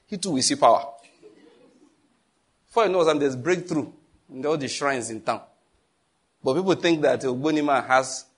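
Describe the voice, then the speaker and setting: A man's voice: medium pitch, breathy edge. A man preaching a sermon as pastor, emphatic, repeating phrases and acting out stories.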